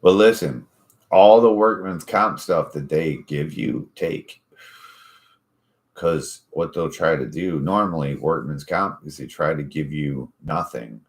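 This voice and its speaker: A man's voice: rumbling low, slow. A man in his forties, a podcast host, telling stories in casual, profane chat. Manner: profane, easygoing storytelling.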